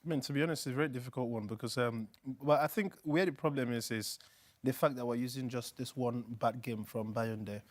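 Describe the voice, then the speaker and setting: A man pundit on a sports talk show, animated and laughing easily, with frequent fillers. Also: mid-range voice, brisk. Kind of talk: casual studio banter.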